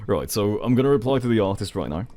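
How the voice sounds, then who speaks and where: A man's voice: on the low side, animated, racing, warm tone. A man chatting casually on a live stream, rambling and playful, joking with his chat and dropping in foreign phrases.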